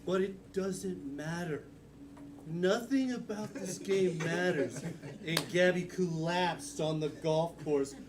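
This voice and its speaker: Slow, dry improv storyteller. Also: mid-range voice, noisy background. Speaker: improv performer.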